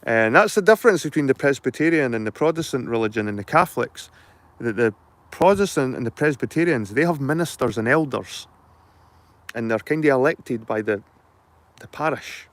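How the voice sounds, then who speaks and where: A middle-aged Scottish man with an expressive, mid-range voice hosts a channel, chatting casually to his viewers at normal speed. He rambles, repeats himself, and swears freely.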